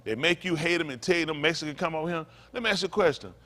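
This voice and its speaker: A man's voice: fairly high pitch, fast talker, bright, forceful tone. A man preaching to a congregation in a fiery, emphatic way, repeating his points and throwing in mocking asides. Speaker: pastor.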